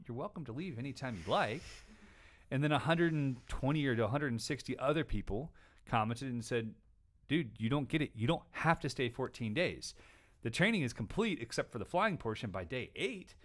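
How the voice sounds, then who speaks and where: A host answering viewer questions tells a story in an animated, casual way, imitating other people with a high voice.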